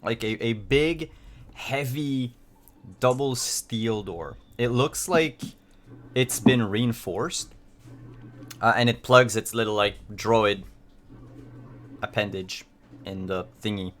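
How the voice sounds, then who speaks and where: A man running a tabletop game, describing scenes and walking players through rules in an easygoing, explanatory tone. His voice sits at a middling pitch, and he pauses with fillers as he thinks. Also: a bit bright. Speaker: game master.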